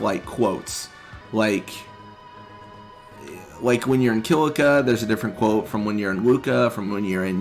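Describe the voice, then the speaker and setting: A man streaming a video game, chatting casually in a relaxed, rambling way with lots of filler words. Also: lowish voice. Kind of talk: casual live-stream chat.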